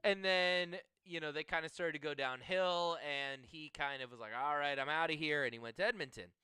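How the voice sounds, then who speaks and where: Man, bright tense tone, smooth clear voice, dry close sound, profane storyteller. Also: fairly high pitch, moderate pace, dry recording. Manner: profane, storytelling, laughs often. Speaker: podcast co-host. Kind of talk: casual sports chat.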